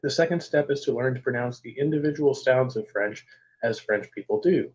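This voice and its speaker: A man casually reading book passages aloud in a vlog, with offhand asides and halting attempts at French. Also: mid-range voice, darkish tone, highs cut off. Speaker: vlogger.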